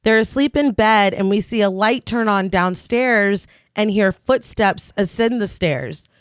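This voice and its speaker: A woman's voice: medium pitch, unhurried, clear, resonant tone, no echo. A woman co-hosting a podcast, recapping a film plot in casual chat with dry sarcastic asides. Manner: dry, sarcastic asides between plot beats, laughs often.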